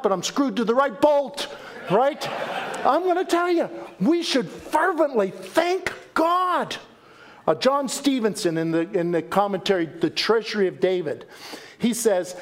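Male pastor, middle-aged, high voice, lively folksy preaching, jokey asides. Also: a little slow. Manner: animated, folksy, with joking asides and repeated phrases. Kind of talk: sermon.

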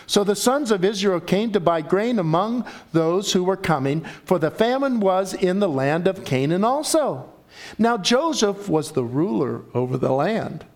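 A man preaching a sermon and reading scripture aloud, animated and acting out the story's voices. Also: high voice, unhurried. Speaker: pastor.

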